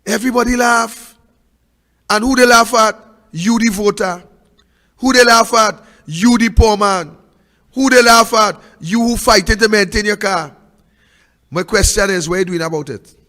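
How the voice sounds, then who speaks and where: A man with a Trinidadian accent hosting a political talk show, preaching impassioned commentary with repeated rhetorical questions, swinging from loud to hushed. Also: high voice, normal speed, pauses often, long reverb tail.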